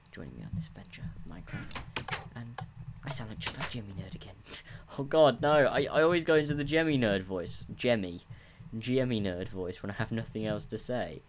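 A man's voice: lowish voice, a bit bright, slight background noise. A man giving casual, rambling commentary on his own gameplay at home, self-mocking and swearing often. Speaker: let's play gamer. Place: room at home, others in the house.

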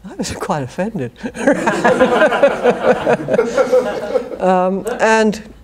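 A woman's voice: on the high side, drawn-out words, over a noisy crowd. An older British woman with a British accent, a philosophy professor giving an academic lecture to a university society, with wry, dry humour and chuckled asides. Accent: British English. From Britain.

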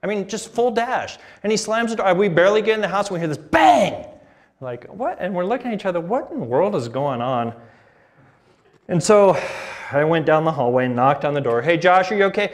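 A man's voice: a little high, animated, moderate pace. A middle-aged man preaching a sermon, telling a family story with laughter and acted-out dialogue. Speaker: pastor.

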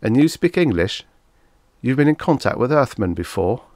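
A man's voice: medium pitch, very animated, normal speed, a little mellow, no room sound, pitched above the performer's own voice. A man voicing a stern, suspicious male starship captain who gives curt orders in a science fiction audiobook. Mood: brusque. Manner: brusque and commanding.

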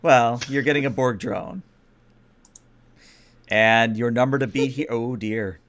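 A man runs a tabletop game, talking the players through rolls and rules. His pitch sits in a middling range and he speaks in a relaxed way, with plenty of ums and uhs. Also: unhurried. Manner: relaxed, explains rules with fillers. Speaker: game master. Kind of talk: narrating a tabletop game over voice chat.

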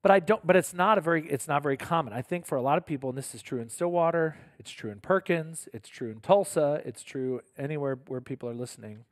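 A man's voice: fairly high pitch, fast talker, hardly any pauses, dry recording, clean studio sound. A man, a parish pastor hosting a casual podcast conversation, speaking earnestly with frequent restarts and self-corrections.

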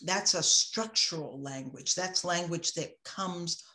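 Impassioned older woman author, slow and low. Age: 60s. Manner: impassioned, reflective, shifting between emphatic and hushed. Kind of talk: interview conversation.

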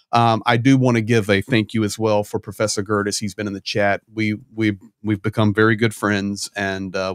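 Flat, smooth-voiced man giving thanks. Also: on the low side, dry recording, studio quality. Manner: friendly, teasing. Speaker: panel guest. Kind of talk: casual live-stream chat.

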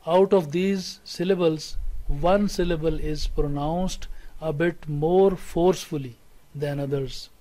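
A man with a Pakistani English accent teaching a recorded English lesson, slow and deliberate, repeating words for students to say along. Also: fairly high pitch, fairly even intonation, warm tone, low-quality recording. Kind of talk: recorded classroom lecture.

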